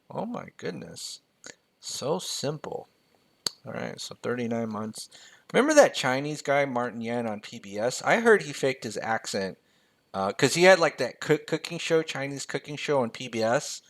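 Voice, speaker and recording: A man raised in the United States walks through a finance spreadsheet, reading numbers aloud as he types. His manner is loose and jokey, like a friendly mentor. His voice sits at an ordinary middle pitch for a man. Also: normal speed, fairly bright tone. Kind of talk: screen-share spreadsheet tutorial.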